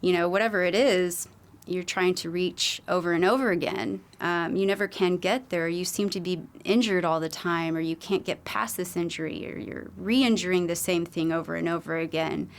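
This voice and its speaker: A woman's voice: lowish voice, fairly even intonation, normal speed. A woman wellness coach telling client stories on a podcast, earnest and rambling with many fillers. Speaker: holistic wellness coach, guest. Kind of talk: casual podcast conversation.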